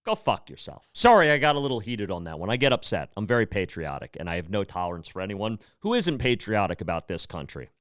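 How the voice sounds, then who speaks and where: Lively, clear-voiced man ranting. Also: lowish voice, fast, few pauses, no echo, clean studio sound. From United States. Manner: heated, profane ranting; sarcastic. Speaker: podcast host. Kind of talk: casual podcast monologue.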